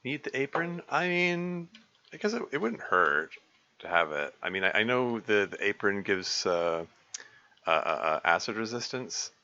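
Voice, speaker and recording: A low-pitched man talks through his game stream in a loose, rambling way, stumbling over words and chuckling. His voice has a bright, forward edge. The recording sounds a little dull. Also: big pitch swings. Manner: rambling, halting, many fillers and restarts, chuckling. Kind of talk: casual let's-play commentary.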